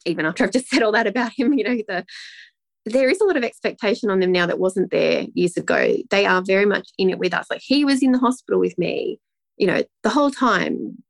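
A woman's voice: mid-range voice, quick pace, vocal fry, dry recording. A woman, a guest telling a personal story in a rambling, emotional way with many restarts. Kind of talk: casual interview talk.

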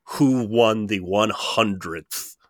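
A young man competing in a casual trivia game, trash-talking playfully and laughing while he reasons out loud. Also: lowish voice, slow pace, no echo, clean studio sound. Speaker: trivia contestant and co-host.

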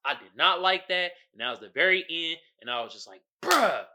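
Lively high-voiced man riffing loudly. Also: fairly quick. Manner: animated, swings from mutters to loud outbursts; heavy slang and fillers, quotes others in character. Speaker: podcast host. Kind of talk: casual commentary.

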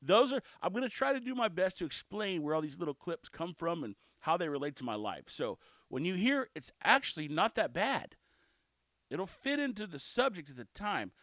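A man hosting a casual solo podcast, chatty and cheeky, telling stories in an animated way. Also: high-pitched, normal speed, no echo, studio quality. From South Texas. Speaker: podcast host.

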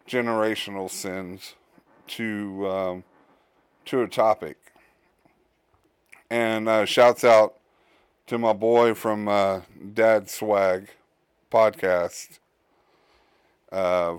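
Dad hosting his own podcast, slow and halting, lots of ums, dry close sound. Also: lowish voice, clear, resonant tone, no echo. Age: adult, a father. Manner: halting, many fillers and restarts. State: tired, yawning. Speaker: podcast host. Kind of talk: casual solo podcast monologue.

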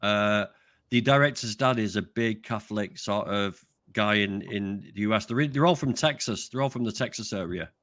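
Man, low voice, from the north of england, halting casual chat, dry sound. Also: fairly bright tone, dry recording. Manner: hesitant, many ums while searching. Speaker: vegan actor and activist host.

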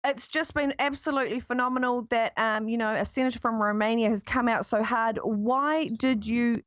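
A woman's voice: a little high, steady tone, a bit bright, dry recording, muffled recording. New Zealand woman hosting an interview. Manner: friendly, deliberately slowed questions. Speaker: host. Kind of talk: interviewing a guest.

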